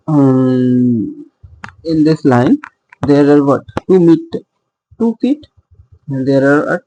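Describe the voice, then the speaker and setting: A man's voice: mid-range voice, dark tone, breathy edge, poor audio. A man teaching a lesson on poetic meter. He talks hesitantly, with many fillers and self-corrections, and asks the class rhetorical questions that he answers himself. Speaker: literature teacher.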